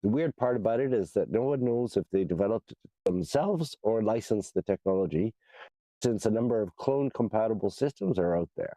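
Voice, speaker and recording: A man under the weather with a hoarse, gravelly voice, reading a horoscope on a podcast in a halting way. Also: fairly low pitch, animated, dark tone, no echo. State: hoarse from a cold. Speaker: podcast guest co-host.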